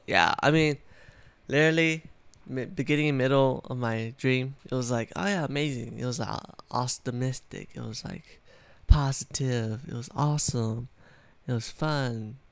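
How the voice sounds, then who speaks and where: Young man, casual vlog chat, rambling, retainer-muffled, medium pitch, dry close sound. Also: clean tone, no room sound. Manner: rambling, filler-heavy, self-correcting. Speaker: vlogger.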